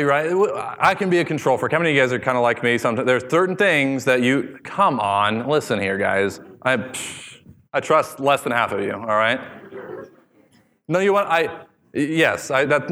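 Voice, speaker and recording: Man, 30s, pastor; chatty, humorous sermon delivery, mid pitch, big reverberant church hall. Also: a bit bright. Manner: humorous, conversational preaching.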